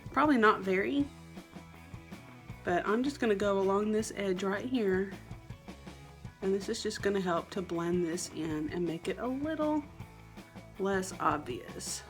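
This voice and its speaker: A young Southern woman talks her way through a home beauty tutorial, chatty and a bit rambling. Her voice sits at an ordinary middle pitch and sometimes drops to a quiet murmur. Faint music plays softly beneath her. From South Carolina. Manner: chatty, rambling, self-deprecating, drops into a low murmur at times. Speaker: wig and beauty vlogger. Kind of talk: casual tutorial chat.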